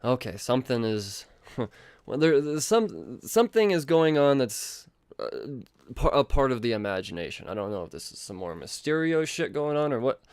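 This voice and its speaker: A man hosting a podcast, reviewing comic books in a casual, excitable, rambling way with lots of swearing. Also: medium pitch, normal speed, smooth, no room sound, clean studio sound. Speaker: podcast host.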